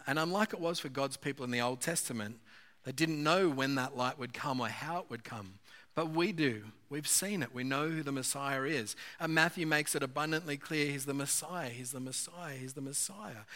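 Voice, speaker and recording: A man's voice: mid-range voice, moderate pace, sharp tone. A man, a pastor, giving an earnest, conversational sermon with occasional fillers.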